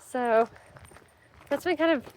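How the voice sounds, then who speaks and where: A woman's voice: high-pitched, takes it slowly, a little hiss or hum. A young woman narrating her hiking vlog outdoors on a mountain trail, chatting upbeat to viewers and her dog. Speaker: vlogger.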